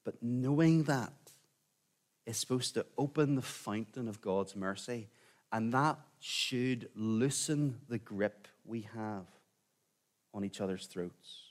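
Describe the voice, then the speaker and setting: A man preaching a sermon in a conversational way, sometimes dropping to a quiet, intense tone. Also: mid-range voice, slow pace. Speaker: pastor.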